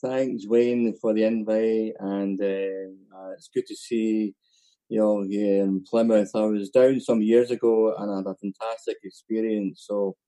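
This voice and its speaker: Dark-voiced Glaswegian man sharing his story. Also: lowish voice, fairly even intonation, rough recording. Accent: Glaswegian Scottish. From Scotland. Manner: candid and halting, many ums and restarts. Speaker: guest speaker at a recovery meeting. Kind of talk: personal testimony.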